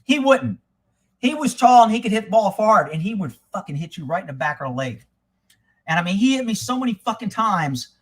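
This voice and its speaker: A man with a fairly high voice tells rough, profanity-laced stories in casual talk. He slips into the voices of the people he quotes as he goes. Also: a little fast. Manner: animated, swears often, acts out quoted people. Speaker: podcast host telling stories.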